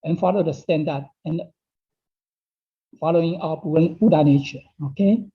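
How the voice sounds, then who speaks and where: On dull, lo-fi online class audio, a man with a fairly high voice teaches a Dao study class in English, which isn't his native language. He talks at normal speed with non-native phrasing, repeating himself and often asking "okay?" to check in with listeners.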